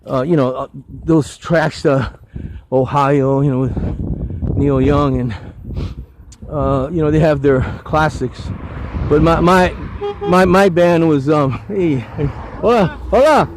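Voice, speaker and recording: Older guy picking up trash, chatting outdoors by a road, rambly and excited, voice a bit high, faint noise behind. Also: slow, long pauses. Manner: rambling, enthusiastic, stumbling restarts. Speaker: volunteer roadside litter cleaner. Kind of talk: casual walking tour to camera.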